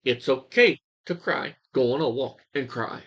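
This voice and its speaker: A man's voice: medium pitch, lively intonation, measured pace, a bit bright, slightly rough. A young man rants in a crude, mocking reaction commentary, swearing as he goes. His voice sits in an ordinary middle range. The sound is dull and lo-fi.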